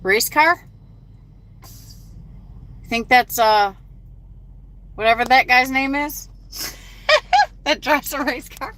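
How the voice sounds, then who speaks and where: A woman's voice: sits high, animated, drawn-out words, pauses often, a bit bright. A woman truck driver chatting casually on a phone live stream from her cab at a truck stop, reading viewer comments aloud.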